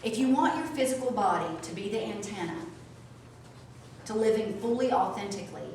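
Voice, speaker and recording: A woman teaching a small group, swinging from soft asides to loud outbursts. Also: mid-range voice, brisk. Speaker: spiritual teacher. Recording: echoey room from a distance, faint noise.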